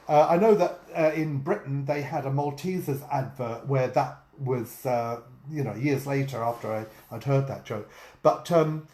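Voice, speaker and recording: A man's voice: medium pitch, fairly quick, a little mellow. A man co-hosting a casual vlog, telling stories and jokes with many ums and uhs. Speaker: vlog co-host. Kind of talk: casual storytelling chat. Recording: echoey room.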